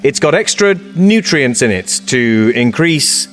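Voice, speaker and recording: A man's voice: medium pitch, big pitch swings, slow, fairly bright tone, big-room sound, soft background music. A British man, host and sketch performer, playing a flustered, exasperated Englishman. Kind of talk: comedy sketch acting.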